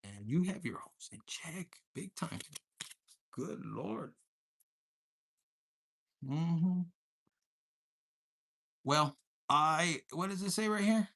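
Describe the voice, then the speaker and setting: A man's voice: fairly high pitch, lively intonation, creaky, fairly bright tone. Crude, joking man reading tarot. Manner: crude, profane and joking, mixing in Spanish slang; slips into quick mock voices of the listeners. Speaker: tarot reader. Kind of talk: casual tarot reading to camera.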